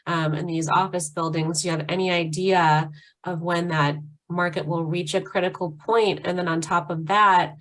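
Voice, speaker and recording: Lower-voiced woman moderating a webinar. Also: fairly even intonation, normal speed, a bit bright, rough recording. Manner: conversational, posing questions from the chat. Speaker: webinar host.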